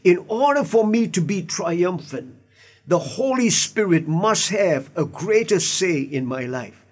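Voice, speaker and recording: A man's voice: high-pitched, expressive, a little slow. A man, a pastor, preaching an earnest sermon with emphatic asides and repeated words. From Indian heritage.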